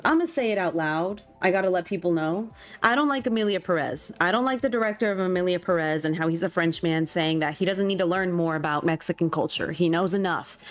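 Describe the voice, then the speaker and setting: A young woman streamer chatting casually and animatedly while she plays a game, full of slang and exclamations. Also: lowish voice. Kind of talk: casual chat while gaming.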